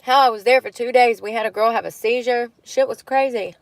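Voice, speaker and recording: This young woman's voice sits on the high side, steady and fairly quick, as she eats and vlogs from her parked car. Her talk is chatty and laid-back, punctuated by frequent laughter.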